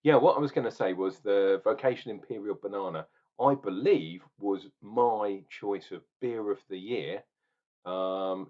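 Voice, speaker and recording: A man's voice: fairly low pitch, muffled recording. A man rambling casually through a beer tasting vlog, chatting straight to the viewer between sips. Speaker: beer reviewer.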